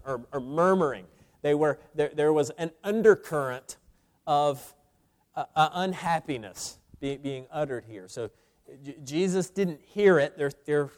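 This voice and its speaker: A man's voice: a little high, a little mellow. A man preaching an expository sermon, emphatic, often repeating words as he restarts. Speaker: pastor.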